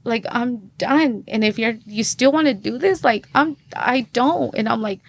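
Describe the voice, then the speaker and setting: A woman's voice: fairly high pitch, normal speed, vocal fry. A woman in her thirties, a podcast guest, chatting through a personal testimony and acting out the dialogue she quotes. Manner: chatty, acts out quoted dialogue, many fillers. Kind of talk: personal testimony in casual conversation.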